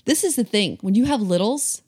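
A woman's voice: medium pitch, expressive, fairly quick, darkish tone. A woman co-hosting a casual chat, talking earnestly and urging her listeners. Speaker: podcast co-host.

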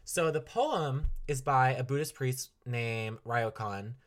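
A young man talks through an album on his solo podcast, loose and chatty, full of fillers and little laughs. His voice sits at an ordinary middle pitch. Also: takes it slowly. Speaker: podcast host reviewing an album. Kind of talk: casual solo podcast talk.

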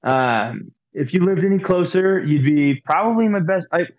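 A man's voice: sits high, animated, moderate pace. A man in casual podcast chat, rambling and hesitant, with many fillers. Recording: slightly dull lo-fi sound.

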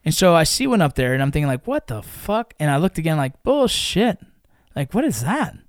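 A man telling a story in casual podcast chat, animated and profane, who bursts into shouts at the exciting moments. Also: a little high, fairly quick, dry recording, studio quality. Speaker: podcast host.

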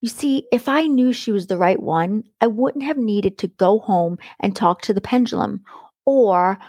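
A middle-aged woman talks straight into a close mic, with a dry sound and no room around her. She tells her story to listeners in a chatty, animated way. She is blunt, and her voice has a middle pitch. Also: unhurried, no room sound. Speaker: podcast host. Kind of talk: casual storytelling monologue.

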